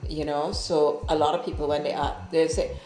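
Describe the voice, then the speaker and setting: A woman guest in a casual kitchen-table chat who speaks very properly, with an animated manner and frequent laughter. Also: low voice, fairly quick. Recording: echoey room with faint music.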